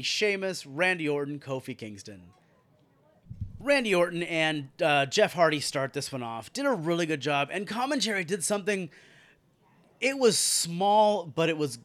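Profane, animated wrestling-recap guy. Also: fairly high pitch. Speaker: wrestling show reviewer. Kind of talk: casual ranting recap.

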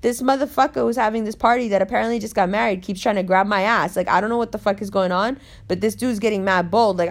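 A woman telling a story in casual chat, animated and full of swearing. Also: mid-range voice.

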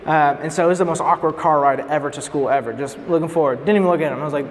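A young man preaching to a youth group, telling a story and acting out the quotes in a lively way. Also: on the high side, rapid-fire, a little hiss or hum. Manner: animated storyteller, acts out quotes. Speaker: youth speaker. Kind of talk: storytelling sermon. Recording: reverberant hall with faint ambience.

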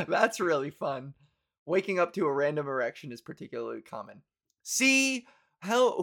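Profane rambling man ranting to viewers. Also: medium pitch. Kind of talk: casual rant to viewers.

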